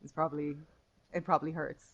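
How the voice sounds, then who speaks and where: A woman's voice: deep voice, level tone, fast talker, slightly rough, highs cut off. A woman, co-hosting a casual podcast chat, laughing often and swearing freely. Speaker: podcast co-host.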